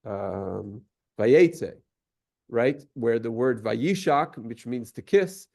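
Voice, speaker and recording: A man's voice: mid-range voice, animated, extremely slow, gravelly, a little mellow. A man teaching a class, explaining at length with many fillers and restarts and taking questions.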